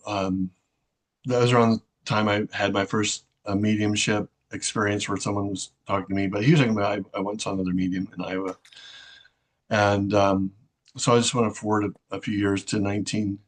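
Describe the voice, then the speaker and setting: A middle-aged man telling a personal story in a halting way, with many fillers and restarts. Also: lowish voice.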